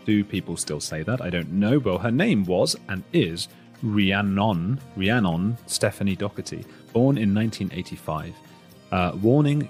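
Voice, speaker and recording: A man's voice: on the low side, animated, unhurried, darkish tone, faint music behind. A man hosting a podcast, giving a chatty, rambling solo introduction with self-deprecating asides. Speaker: podcast host.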